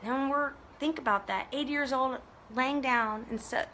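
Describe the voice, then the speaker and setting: Bright-voiced woman giving a motivational live chat. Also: sits high, moderate pace, slight background noise. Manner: earnest, motivational, chatty with viewers. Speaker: online business coach. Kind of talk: casual live video chat.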